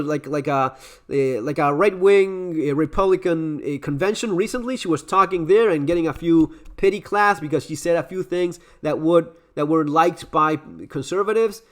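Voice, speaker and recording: A Latin American man whose first language is Spanish, with an Argentine Spanish accent, giving heated, sarcastic commentary on clips as the channel host. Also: a little high. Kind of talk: opinionated commentary.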